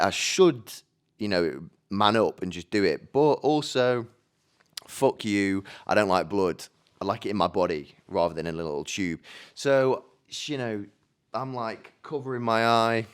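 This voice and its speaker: A man's voice: fairly low pitch, animated, unhurried, clean tone. A man hosting a solo podcast, rambling chattily into a microphone with many restarts and casual swearing. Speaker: podcast host. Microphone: studio microphone.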